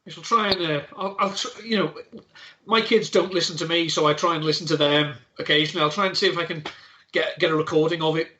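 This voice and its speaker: A man's voice: fairly high pitch, steady tone, quick pace, sharp tone, dull audio, a little hiss or hum. A man co-hosting a casual podcast, dry and blunt in his remarks. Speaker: podcast co-host.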